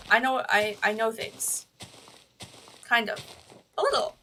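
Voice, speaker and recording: Woman streamer bright, slightly high voice, rambling casual gaming chat, drops swears, reads and answers chat. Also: animated, unhurried, a little hiss or hum.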